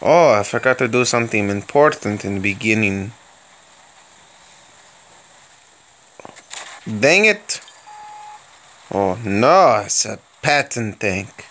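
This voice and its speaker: A man's voice: fairly low pitch, a little slow. Man playing in a mock Russian accent. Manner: playful mock Russian accent put on throughout; excitable outbursts during battle. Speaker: gaming video host. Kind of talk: gameplay commentary.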